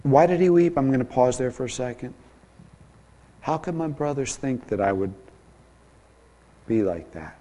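A man preaching a sermon as pastor, with a dynamic delivery that swings from soft, low passages to emphatic, raised ones. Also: lively intonation, normal speed, pauses often.

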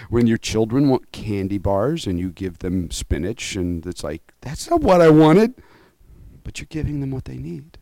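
A man's voice: lowish voice, animated, unhurried, vocal fry, mellow, dry recording. A male pastor giving a conversational sermon. He is earnest and openly moved, and he often halts, restarts and adds asides.

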